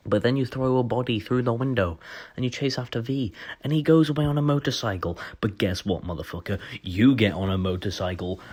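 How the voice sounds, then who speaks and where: Young man, deep voice, profane, joking game recap. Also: a little mellow. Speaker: gaming YouTuber. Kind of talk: casual game commentary.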